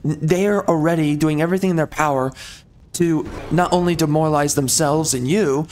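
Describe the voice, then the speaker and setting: A man's voice: on the high side, fairly even intonation, normal speed, a little mellow. A man hosting a gaming channel, ranting in a frustrated, rambling monologue with repeated phrases and mild swearing.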